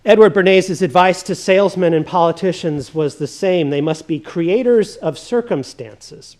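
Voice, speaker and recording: A male pastor giving a reflective, measured sermon, reading scripture with emphasis. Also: high-pitched, a little mellow.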